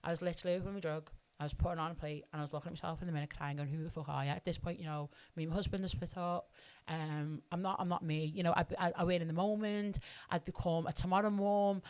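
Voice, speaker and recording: Fast-talking sweary woman. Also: on the low side, steady tone, a little mellow, smooth. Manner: blunt, sweary, emphatic. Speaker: podcast guest. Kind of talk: candid conversational storytelling.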